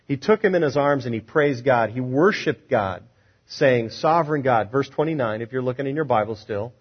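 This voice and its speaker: Husky-voiced man preaching a sermon. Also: on the high side, highs cut off. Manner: preaching with rhetorical questions, acting out quotes. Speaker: pastor.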